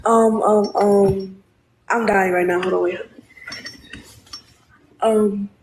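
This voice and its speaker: A man's voice: high-pitched, level tone, slight background noise. A man joining a live stream as a guest who talks nervously, stalling with ums between his questions. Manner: nervous and halting, full of ums. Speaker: livestream guest. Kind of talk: casual livestream chat. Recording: echoey room.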